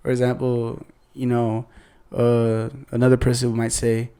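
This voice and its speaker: A man's voice: medium pitch, completely flat delivery, measured pace, dark tone, smooth. A man appearing as a podcast guest, chatting casually in an easygoing, agreeable way and laughing often. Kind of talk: casual chat.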